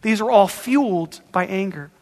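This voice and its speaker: A man's voice: high-pitched, normal speed, a little mellow, big-room sound. A male pastor preaching an emphatic, conversational sermon, with acted-out examples from everyday life.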